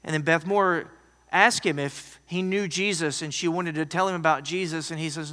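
A man preaching a sermon, telling a story that swings from loud to hushed. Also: fairly high pitch, fairly even intonation, normal speed. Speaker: pastor. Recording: long hall reverb.

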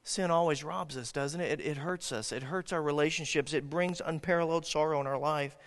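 Male pastor, dynamic earnest sermon delivery, slightly high voice, long hall reverb. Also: a little fast. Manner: earnest, dynamic preaching with restarts and acted quotes.

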